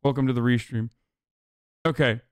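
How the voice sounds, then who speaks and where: With fairly even intonation and a clean tone, a man does livestream political commentary in a dry, clean studio recording. His rant is heated, fast and full of profanity, and he sarcastically imitates his chat in a high voice.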